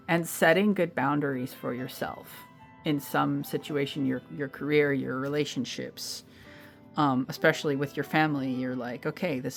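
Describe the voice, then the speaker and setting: A woman giving a casual pick-a-card tarot reading, chatting directly to her viewers and calling them babe. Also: low-pitched. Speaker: tarot reader.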